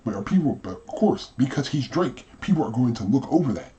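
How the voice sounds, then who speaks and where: A man's voice: medium pitch, big pitch swings, brisk, mellow, slight background noise. A man hosting a reaction commentary, talking casually and often asking rhetorical questions. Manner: conversational, repeats himself, asks rhetorical questions. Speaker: host commentator. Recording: dull lo-fi audio.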